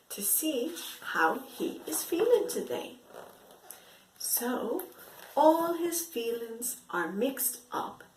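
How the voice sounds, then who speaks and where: A woman teaching to preschool children through a story, speaking in an exaggerated, expressive way with gasps and whispered asides. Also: high voice, a little hiss or hum. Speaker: English teacher for young children.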